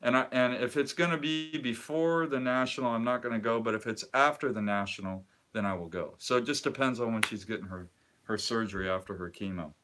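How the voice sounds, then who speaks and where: A man's voice: medium pitch, a little fast, background noise. A middle-aged man co-hosting a live stream, talking casually and rambling, often trailing off mid-sentence. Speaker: co-host of a live card-collecting stream.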